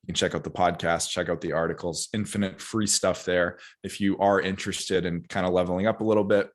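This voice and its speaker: A man's voice: sits low, fairly even intonation, brisk. A man speaking as a guest nutrition coach on a podcast, talking energetically and with emphatic asides.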